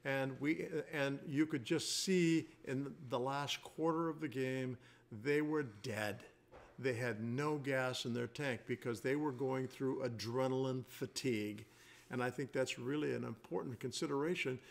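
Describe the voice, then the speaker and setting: Older man, gravelly voice, basketball coach, casual co-host chat, rambling storyteller, mid-pitched. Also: unhurried. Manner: rambling storyteller, searches for words.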